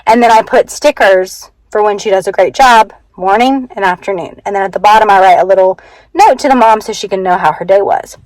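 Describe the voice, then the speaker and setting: A woman's voice: mid-range voice, fairly quick, darkish tone, dry recording, low-quality recording. A young woman who teaches first grade, chatting earnestly in a casual vlog and peppering her story with "like.". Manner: chatty and earnest, many "like" fillers.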